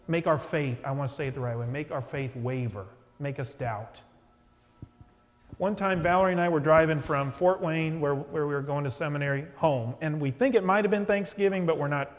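A middle-aged male pastor preaching a sermon, retelling a story and softly acting out the voices in it. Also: on the high side. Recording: long hall reverb.

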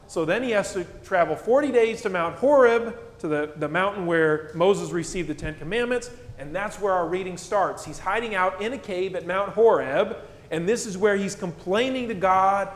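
A man's voice: sits high, animated, moderate pace. A male pastor preaching a sermon in a plain-spoken, conversational way, with casual asides as he explains. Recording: echoey church hall with long reverb.

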